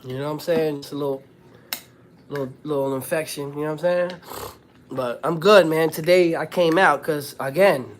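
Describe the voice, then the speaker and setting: A man's voice: a little high, moderate pace, slight background noise. A man hosting a casual livestream while sick and coughing, loose and profane, greeting viewers by name and talking to his little son. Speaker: livestream host, former prisoner. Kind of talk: casual live-stream chat with viewers.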